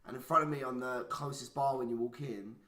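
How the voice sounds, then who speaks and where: A young podcast co-host tells a profane story in casual chat, his mid-range voice fairly quick and sharp with fairly even intonation. He swears as he goes and leans heavily on "like." The room sounds echoey.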